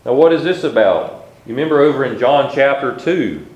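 A man preaching a sermon, reading scripture aloud slowly and measuredly between his own remarks. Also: mid-range voice, expressive, a little mellow, lo-fi sound. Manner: reads scripture aloud in old-style wording, slow and measured. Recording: echoey room.

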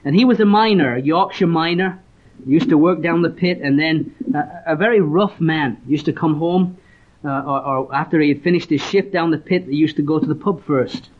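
A man's voice: on the high side, moderate pace. A man from England, preaching a sermon and telling stories with earnest conviction. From Leeds, northern England. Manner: earnest storytelling, reads scripture aloud. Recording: dull lo-fi recording.

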